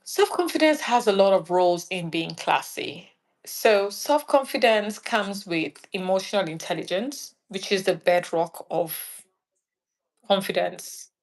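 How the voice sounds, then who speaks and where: A woman's voice: mid-range voice, a little slow. A woman from Nigeria, a guest in an interview chat, talking animatedly and acting out little scenes. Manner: animated, acts out little scenes in quoted voices.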